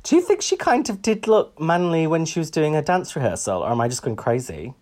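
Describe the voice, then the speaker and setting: A man co-hosting a podcast in casual, self-mocking, expressive chat. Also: fairly high pitch, brisk. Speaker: podcast co-host.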